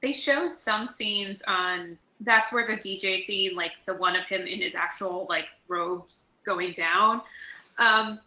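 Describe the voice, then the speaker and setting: A woman with a very bright, sharp voice co-hosts a podcast, telling stories in lively fashion and quoting others loudly. The sound is roomy and echoey. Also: medium pitch, unhurried. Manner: animated storyteller, quoting with raised voice. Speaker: podcast co-host. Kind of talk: casual chat.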